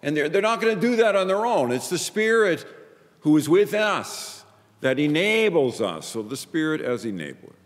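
A man preaching a sermon as a pastor, emphatic, repeating phrases in pairs and swinging between loud and quiet. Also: fairly high pitch, very animated, moderate pace, in a large hall.

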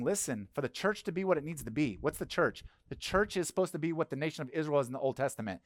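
A man's voice: a little high, dry recording, studio quality. A middle-aged male pastor giving a conversational sermon and asking the congregation questions.

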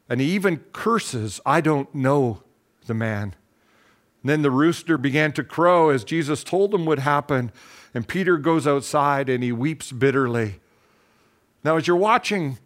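A male pastor preaching a sermon, retelling a Bible story in an earnest, dramatic way, with pauses and repeated words. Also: a little high, a bit bright.

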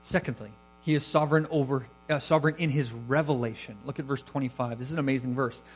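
A man's voice: mid-range voice, steady tone, fast talker, poor audio. A man preaching a sermon, building emphasis and rising in volume on key words. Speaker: pastor.

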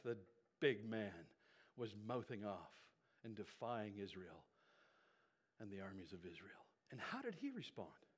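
A man preaching a sermon, retelling a Bible story as an animated storyteller who checks in with his listeners. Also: on the low side, unhurried. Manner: animated storyteller with conversational asides. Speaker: pastor.

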